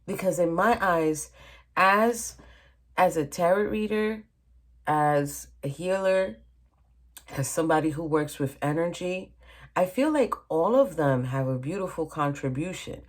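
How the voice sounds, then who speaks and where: Woman, low voice, tarot reader, casual chatty reading, talks straight to the viewer, seated at a table. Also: lively intonation, a little slow. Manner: chatty, addresses viewer directly, frequent "okay?" and "honey".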